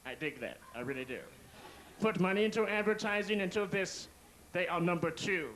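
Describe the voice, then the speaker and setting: A comedian doing an impression of a smooth, hip male showbiz entertainer who croons and talks jive slang. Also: high-pitched, fairly quick, a bit bright, a little hiss or hum, low-quality recording.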